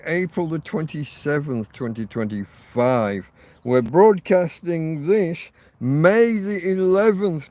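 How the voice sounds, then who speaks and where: A man's voice: on the high side, darkish tone. A man hosting a rambling live stream from his phone, sweary and self-deprecating as he rants. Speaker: livestream host. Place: in or by a tent outdoors.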